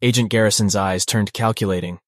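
A man's voice: on the low side, steady tone, brisk, dry recording. A man narrating an audiobook in a dry, wry manner. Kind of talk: scripted narration.

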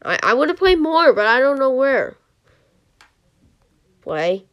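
A channel host giving rambling commentary on a mobile game, who yelps and groans at misses. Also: female voice, high voice, very animated, slow pace, a bit bright, smooth, muffled recording. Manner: rambling, restarts sentences.

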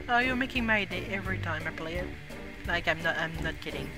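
A woman chatting her way through a game in an excitable, giggly way, often breaking into exclamations. Her voice is very bright and swings widely in pitch, and she takes her time between bursts. Faint music plays behind her. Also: slow, long pauses. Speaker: gaming YouTuber. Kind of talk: casual gameplay commentary.

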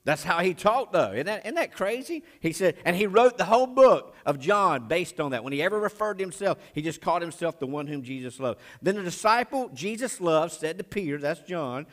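A male pastor preaching a sermon, his voice rising high and falling low as he retells a scripture story. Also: brisk, hardly any pauses. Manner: expressive preaching, voice rising and dropping sharply while retelling scripture; married.

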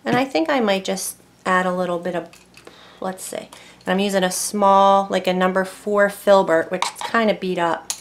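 A woman's voice: medium pitch, moderate pace. A woman teaching decorative painting in a casual tutorial, chatting and thinking aloud as she works at a close mic.

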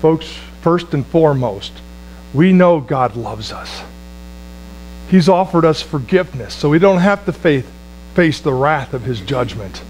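A man with a notably high voice preaches to his congregation, leaning hard on repeated words and asking for an amen. He stumbles and restarts phrases as he goes. A low electrical hum sits under the recording. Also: lively intonation, a little slow, darkish tone. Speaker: pastor. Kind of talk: sermon.

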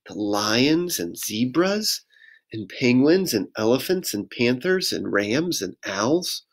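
Slow, lively pastor reading a picture book. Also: male voice, mid-range voice. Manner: gentle, sing-song reading with audience prompts. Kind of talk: children's picture book read-aloud.

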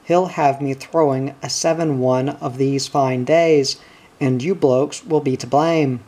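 A man voicing a grumbling, sharp-tongued miner, with a gruff, sarcastic delivery. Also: medium pitch, fairly even intonation, a little slow, close to an everyday voice. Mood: scornful.

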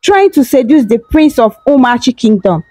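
A woman's voice: a little high, very animated, a little slow, a little mellow, no room sound, soft background music, poor audio. A woman voicing a lecherous, arrogant young prince who bullies and sneers, in a storybook telling. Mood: smug. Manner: smug, bullying.

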